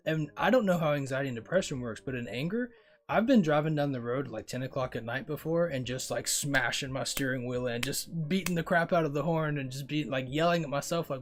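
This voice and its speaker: A man's voice: mid-range voice, fairly quick, faint music behind. A young man streaming live, chatting casually and rambling as he reads and answers viewer comments. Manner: rambling, talks straight to chat, says bro often.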